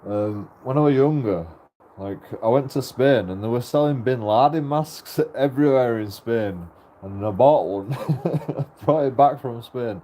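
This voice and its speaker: A man's voice: medium pitch, unhurried, mellow, slight background noise. A young Irish man chatting casually on a livestream, telling stories while laughing often and swearing freely. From Ireland. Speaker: streamer.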